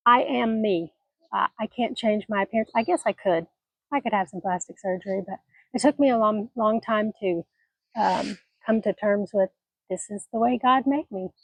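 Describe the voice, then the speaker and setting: Out on her mountain homestead, a sixtysomething retiree chats casually into her phone camera, rambling in a folksy way. Her mid-range voice is husky and a touch scratchy from allergies, her pace moderate, and there's no room sound.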